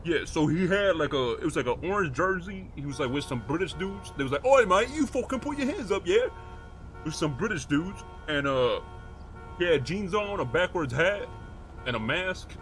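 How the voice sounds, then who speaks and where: A man role-playing a mechanic in a game, excitable, slangy and swearing a lot. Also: fairly high pitch, moderate pace, faint music behind. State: out of breath. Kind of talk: in-character game role-play.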